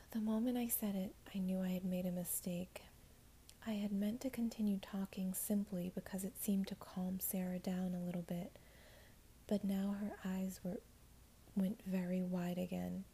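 A woman narrating a story in a hushed, whispered, measured way. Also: medium pitch, little pitch movement, a little hiss or hum.

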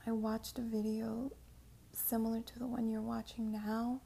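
A woman voicing a shaken young woman who reads a message quickly and unsteadily, in a whispered role-play. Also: a little high, little pitch movement, vocal fry, dark tone, slight background noise. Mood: shaky. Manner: hurried, shaky, whispered like reading a script.

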